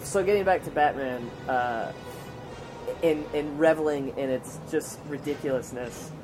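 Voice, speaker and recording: 男性、くだけたコメディ・ポッドキャストの掛け合い. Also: male voice, on the high side, measured pace, soft background music. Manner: animated, defensive, rambling with fillers. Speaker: podcast co-host. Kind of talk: casual comedy podcast banter.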